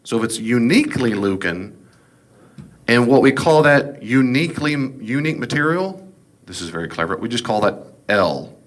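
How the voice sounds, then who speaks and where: A man's voice: medium pitch, animated, moderate pace. A middle-aged man teaching a Bible class in a conversational, folksy way with humorous asides. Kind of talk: classroom lecture.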